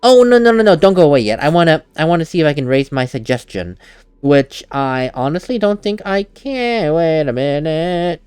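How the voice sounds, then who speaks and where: Let's play dude chatting over a game, lively bouncy voice, smooth and clear, dry close mic. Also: male voice, fairly high pitch, moderate pace, no echo. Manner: animated, chatty, laughs at himself. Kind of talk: casual gameplay commentary.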